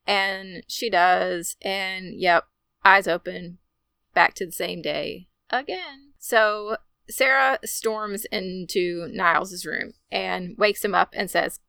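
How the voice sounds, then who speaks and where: Bright, animated woman recapping a film. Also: mid-range voice, vocal fry, clear, resonant tone, dry recording. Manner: animated, quick storytelling with laughs. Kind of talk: casual chat recapping a film.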